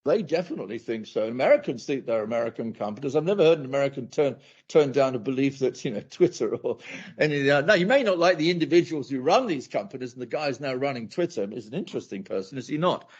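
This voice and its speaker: A man's voice: medium pitch, lively intonation, fast talker, darkish tone, slightly rough. A male academic answering a question at a university talk, rambling with many asides and repeated phrases, on a dull lo-fi recording. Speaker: academic speaker.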